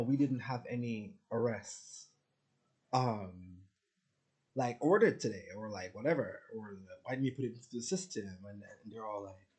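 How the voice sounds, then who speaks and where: A man's voice: mid-range voice, darkish tone. A man talking casually to his viewers in a rambling, boastful, profane rant. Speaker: spiritual vlogger. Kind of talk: casual ranting monologue.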